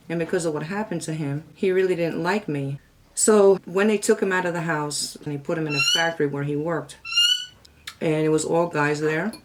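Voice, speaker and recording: A middle-aged woman hosting a casual home cooking vlog, chatting to viewers and cooing at her parrot in a high sweet voice. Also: noisy background. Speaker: cooking channel host. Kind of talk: casual chat to camera.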